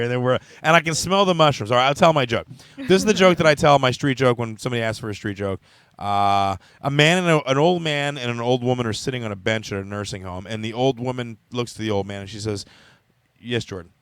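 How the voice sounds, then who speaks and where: A man's voice: medium pitch, lively intonation, fairly quick, fairly bright tone, clear, resonant tone, no room sound. A man hosting a casual comedy talk show, rambling and joking with his guests and laughing often. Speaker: comedian radio show host.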